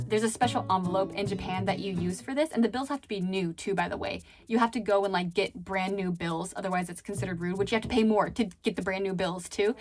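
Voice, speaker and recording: A woman telling stories in a casual vlog, chatty and full of fillers. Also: mid-range voice. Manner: chatty, filler-heavy, laughing now and then. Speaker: vlogger and former chat host.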